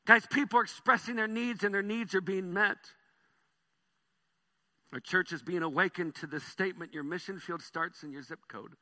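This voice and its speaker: A male pastor delivering a sermon in a high, very bright voice. He tells stories with lively energy, dropping soft and then rising loud. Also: moderate pace. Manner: animated storytelling, swings between soft and loud.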